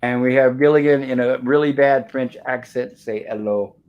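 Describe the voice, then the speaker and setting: A man's voice: mid-range voice, little pitch movement, moderate pace, smooth, lo-fi sound. A man hosting a casual recap show, retelling scenes and reading the characters' lines aloud in an easygoing way. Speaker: show host. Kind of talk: casual episode recap chat.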